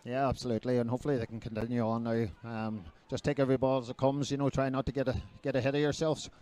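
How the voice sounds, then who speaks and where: A man's voice: mid-range voice, little pitch movement, fast, mellow. A man giving chatty, hesitant co-commentary analysis on a football match.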